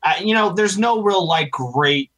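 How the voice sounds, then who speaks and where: A man's voice: sits high, animated, measured pace, a bit bright, poor audio. A man co-hosting a casual sports podcast, giving opinions with lots of hesitation and restarts. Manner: hesitant, many fillers and restarts. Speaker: podcast co-host.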